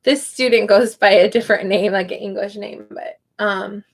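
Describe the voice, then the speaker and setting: A woman's voice: mid-range voice, fairly even intonation, normal speed, gravelly, slightly rough. A woman teaching online, chatting casually and hesitantly as she sounds out names one at a time. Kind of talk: casual livestream chat.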